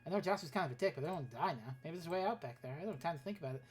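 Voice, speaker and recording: A woman's voice: low voice, lively intonation, very fast, darkish tone, a little hiss or hum. A woman streamer reading a text adventure game aloud, with offhand asides and swearing.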